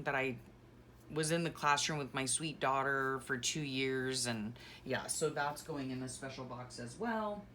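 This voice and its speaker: Middle-aged woman vlogger, low-pitched, sentimental and chatty, faint hiss behind her. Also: fairly bright tone. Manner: sentimental, gushing exclamations; rambling, self-correcting asides. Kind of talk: casual chat while packing.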